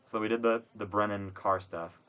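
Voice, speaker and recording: Young male podcast host, bright voice, animated and profane storyteller, chatting in a dorm room. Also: fairly low pitch, normal speed, muffled recording. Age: young adult. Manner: animated, profane, acts out quotes. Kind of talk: casual storytelling chat.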